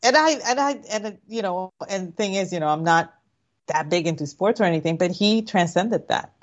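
A woman co-hosting a casual talk show, talking in halting, rambling sentences. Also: lowish voice, expressive, dull audio. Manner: rambling, halting, many restarts. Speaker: podcast co-host. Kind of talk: casual chat.

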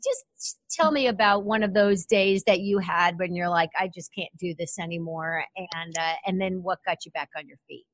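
A woman's voice: on the low side, moderate pace, no echo. A woman hosting an interview, asking friendly open follow-up questions. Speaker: interview host. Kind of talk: conversational interview.

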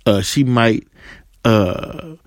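A man's voice: mid-range voice, expressive, drawn-out words, dry recording. A man talking casually to camera, making points with rhetorical "right?" and acting out little scenes, with some fillers and repeated words. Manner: storytelling, playing out dialogue in different voices. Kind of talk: casual monologue with acted-out scenes.

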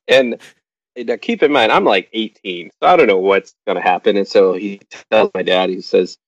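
Middle-aged guy telling a story to a crowd, lowish voice, does the other people's voices, kinda muffled dry recording. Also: no room sound. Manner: lively, acts out other people's lines. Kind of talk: personal anecdote told to a live audience. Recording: dull lo-fi recording.

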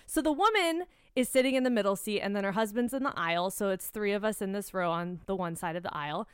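A woman's voice: medium pitch, brisk, few pauses, clear, resonant tone, dry recording, studio quality. A young woman telling an annoyed story in casual chat, swearing freely. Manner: swears a lot, animated storytelling.

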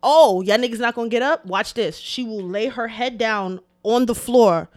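A young adult woman telling a story in a casual podcast chat, animated, emphatic and full of profanity. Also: fairly high pitch, normal speed. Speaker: podcast co-host.

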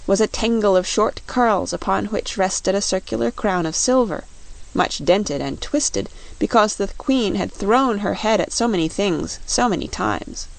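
A woman narrating a children's fantasy book in a steady, clear reading voice. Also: mid-range voice, unhurried. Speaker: audiobook narrator. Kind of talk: scripted storybook narration.

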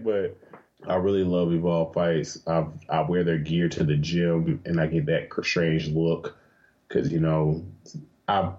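Male guest, very low voice, animated and profane, casual storyteller, muffled lo-fi audio. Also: normal speed. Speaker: interview guest, adult film performer. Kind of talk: casual chat.

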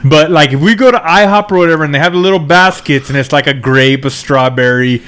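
A man's voice: on the high side, fairly quick, fairly bright tone, clear, resonant tone. A man co-hosting a podcast in casual, crude, joking banter. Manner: crude, joking, swears a lot. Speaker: podcast co-host.

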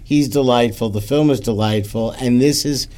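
A man's voice: medium pitch, moderate pace. A man co-hosting a casual chat about classic films, who likes to share trivia with the listeners. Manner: lively, shares film trivia. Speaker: podcast host.

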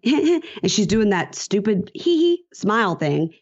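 A woman's voice: a little slow, husky. Lo-fi woman acting out quotes. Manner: animated retelling, acts out quotes in higher voices, laughs often. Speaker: podcast guest. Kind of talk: casual recap chat.

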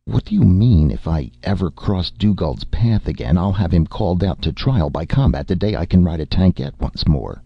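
A man's voice: deep voice, expressive, moderate pace, gravelly, few pauses, husky, no room sound, exaggerated voice. A man voicing a proud young noble soldier who is injured, speaking strained and defiant. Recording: dull lo-fi recording.

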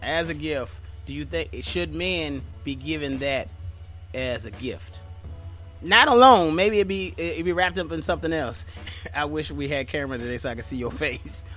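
A man's voice: on the high side, moderate pace, a bit bright, soft background music. A man co-hosting a casual chat show, joking and laughing often, repeating himself. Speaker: podcast co-host.

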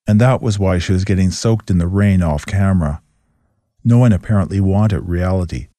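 A man reads a ghost story in a steady, measured way. His voice sits low with a mellow, dark tone. The recording is dry and close. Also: no echo. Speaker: narrator. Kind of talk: scripted story narration.

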